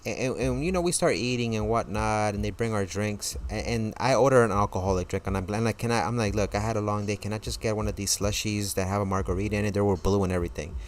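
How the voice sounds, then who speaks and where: A man telling a story casually on a live stream, swearing often and stammering through restarts, his voice jumping high and loud when he reenacts his outrage. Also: fast talker, few pauses, a little hiss or hum. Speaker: gaming streamer.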